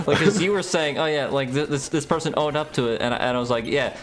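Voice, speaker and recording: A man's voice: on the high side, quick pace. A young man chatting casually on a voice call, laughing easily and swearing often. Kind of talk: casual chat over a voice call.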